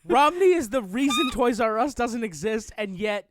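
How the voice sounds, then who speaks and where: A man's voice: very high voice, expressive, normal speed, noisy background. A young man co-hosting a podcast, talking casually and animatedly, swearing and mocking as he goes. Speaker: podcast co-host. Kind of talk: casual chat.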